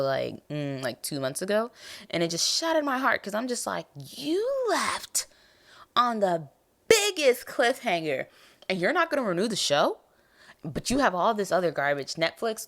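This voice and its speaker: Low-voiced tired young American woman. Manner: rambling, animated, trails off and restarts. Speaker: podcast host. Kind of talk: casual TV review chat.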